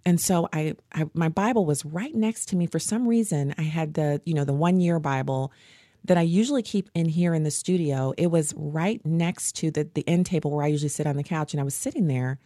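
A woman hosting a faith podcast, telling stories in an animated, earnest way. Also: low-pitched, brisk, dry recording, clean studio sound. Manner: animated, earnest storytelling with laughs. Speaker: podcast host. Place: home studio.

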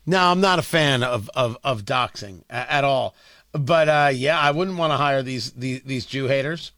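A man's voice: mid-range voice, normal speed, bright, forceful tone, dry recording, clean studio sound. A male talk radio host delivering a sarcastic, ranting opinion monologue.

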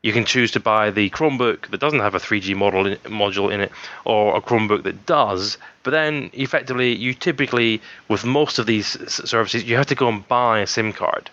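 A man's voice: on the low side, fairly quick, sharp tone. A man co-hosting a podcast, rambling and opinionated in casual chat. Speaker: podcast co-host. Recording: dull lo-fi recording.

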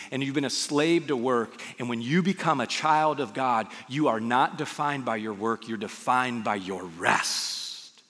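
Male pastor, slightly high voice, casual sermon style, long reverb. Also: fairly bright tone. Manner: conversational, asks the audience rhetorical questions.

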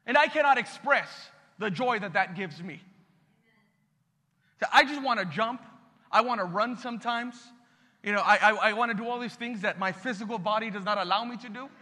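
High bright-voiced preacher, echoing hall. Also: male voice, a little fast. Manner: energetic, call-and-response preaching. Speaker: pastor. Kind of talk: sermon. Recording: long reverb in a hall.

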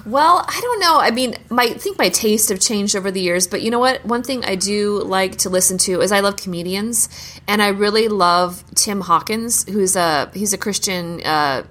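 A woman's voice: mid-range voice, normal speed, fairly bright tone. A woman in a casual chat, earnest and enthusiastic, often repeating herself.

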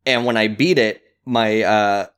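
A man who is a father, co-hosting a casual gaming podcast and telling relaxed, keen stories about his play. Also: on the low side, measured pace, clear, resonant tone. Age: adult, a parent. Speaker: podcast co-host.

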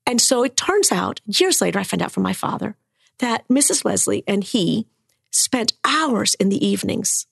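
Cuban-born older woman, gravelly storyteller. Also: medium pitch, normal speed, dry recording, studio quality. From Cuba. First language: Spanish. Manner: animated, switches into voices of people she quotes. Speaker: guest storyteller and author. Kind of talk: personal storytelling on a podcast.

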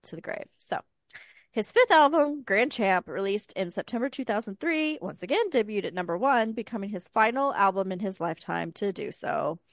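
A woman in her thirties co-hosting a podcast, retelling a life story in casual chat with a smooth public-radio style voice and wry, deadpan asides. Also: mid-range voice, normal speed, no echo. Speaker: podcast co-host.

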